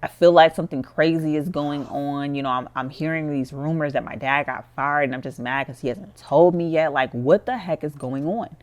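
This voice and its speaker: A woman's voice: low-pitched, moderate pace, few pauses, a little mellow, lightly acted. A stressed, fed-up teenage boy from a life-sim game, as a woman voices him in her own everyday voice. He vents in a frustrated, chatty ramble, leaning on "like" between thoughts. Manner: frustrated, chatty, says "like" often.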